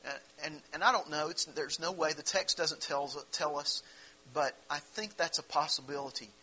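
A man's voice: on the high side, steady tone, moderate pace, bright, forceful tone, breathy edge, poor audio. A man preaching a sermon, explaining a Bible passage in a conversational way and asking his listeners rhetorical questions. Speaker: pastor.

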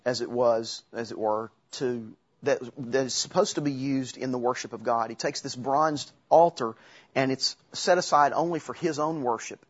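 A man's voice: mid-range voice, breathy edge, dull audio. A man preaching a sermon in a conversational way, with asides and self-corrections. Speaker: pastor.

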